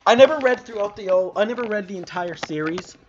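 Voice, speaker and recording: A young man with a notably high voice co-hosts a casual podcast chat. He talks in an animated, exclamatory way. The recording sounds dull and lo-fi. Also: quick pace. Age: young adult. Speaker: podcast co-host.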